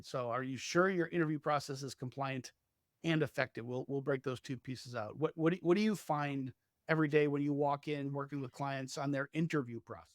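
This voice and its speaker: A man's voice: fairly high pitch, no echo. Earnest male podcast host, dry sound. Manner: earnest, restarts words when thinking aloud. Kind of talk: casual business discussion.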